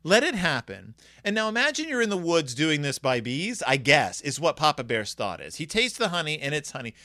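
A man's voice: fairly high pitch, wildly swooping pitch, brisk, pushed and bright, dry recording, clean studio sound. A man giving a casual, rambling and jokey review of a children's book on his video channel.

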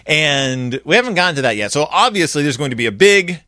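A man giving a comic, sarcastic review of a children's picture book, acting out quoted lines in flat voices. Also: on the high side, a little fast, no room sound, clean studio sound.

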